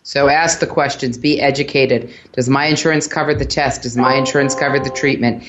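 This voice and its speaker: A man's voice: mid-range voice, steady tone, brisk, dull audio, background noise. A man hosting a radio interview, asking guiding questions and summarizing advice earnestly. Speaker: radio show host.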